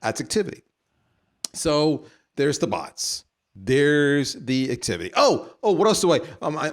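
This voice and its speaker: A man with a Canadian accent hosting a podcast, delivering a theatrical, teasing rant that builds to punchlines. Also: fairly high pitch. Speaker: podcast host. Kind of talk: ranting podcast monologue.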